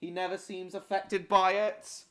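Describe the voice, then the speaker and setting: A man's voice: high-pitched, level tone, unhurried, a bit bright, roomy sound. A man hosting a live stream, chatting casually over a show, rambling with many fillers and restarts.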